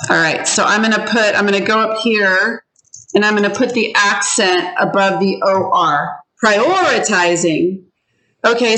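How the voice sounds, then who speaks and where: A woman teaching pronunciation over a video call, stretching each word out so learners can repeat it. Her voice is bright and clear, and she speaks at an unhurried, deliberate pace throughout. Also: medium pitch, low-quality recording. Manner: slow, drawn-out modelling of words for learners to repeat. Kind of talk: online pronunciation lesson.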